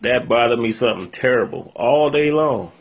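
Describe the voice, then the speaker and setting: A man's voice: mid-range voice, lively intonation, normal speed, lo-fi sound. A man talking straight to his viewers, recounting something hard that happened to him, earnest and shaken after crying. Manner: earnest, heartfelt, addresses viewers directly. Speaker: vlogger recounting a personal event. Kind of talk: emotional first-person story to camera.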